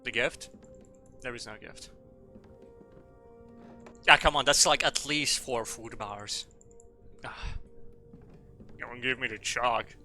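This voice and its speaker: Bright-voiced man streaming a game. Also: medium pitch, takes it slowly, pauses often, soft background music. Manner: rambling, joking, swears freely. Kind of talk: casual gameplay commentary.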